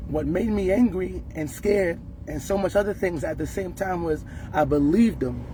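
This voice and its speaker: A woman's voice: on the low side, normal speed, noisy background. A woman speaking as a mother in an emotional, urgent direct-to-camera appeal, distressed and rising in anger.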